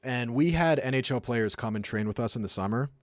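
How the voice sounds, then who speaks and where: A man's voice: medium pitch, expressive, fairly quick, no room sound, clean studio sound. A young man streaming, casually talking through hockey clips in a chatty, rambling way with lots of fillers. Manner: chatty, rambling, acts out sounds, many fillers. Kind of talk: casual commentary.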